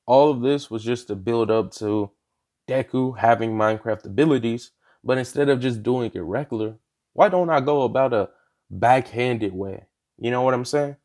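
A man's voice: medium pitch, moderate pace, darkish tone. A man casually narrating a fan story as a channel host, in a loose, slangy way with fillers and the odd swear word.

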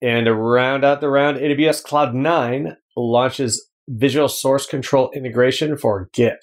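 A man's voice: medium pitch, fairly even intonation, measured pace. Man, podcast co-host, reads news items, light banter. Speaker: podcast co-host reading headlines. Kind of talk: casual tech chat.

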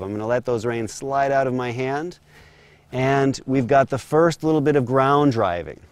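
A man giving a calm, steady instructional demonstration as a horse trainer, talking while working a horse in an outdoor round corral. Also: medium pitch, normal speed, no echo.

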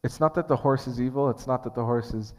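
A pastor with a mid-range, darkish voice preaches fast in a church sanctuary, the long hall reverb trailing his words. He's earnest and conversational and keeps restarting phrases.

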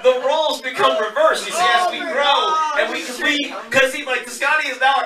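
A man doing a stand-up comedy set at an open mic, animated and riffing on the crowd. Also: very high-pitched, a little fast, hardly any pauses. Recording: roomy club, far mic, loud crowd. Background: crowd laughter and noise.

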